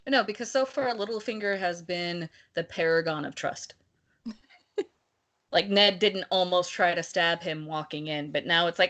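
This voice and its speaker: Animated, exasperated woman with a lower voice. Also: normal speed. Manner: animated, exasperated, laughs often. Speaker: podcast co-host. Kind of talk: casual book discussion.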